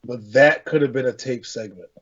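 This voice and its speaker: A man co-hosting a casual wrestling podcast, giving frank, measured opinions. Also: medium pitch, fairly bright tone, lo-fi sound. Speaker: podcast co-host.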